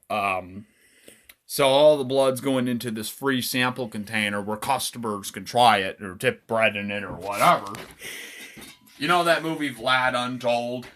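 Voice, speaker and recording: A man casually reading his own dark comic aloud, irreverent and swearing, chuckling between lines. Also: medium pitch, measured pace.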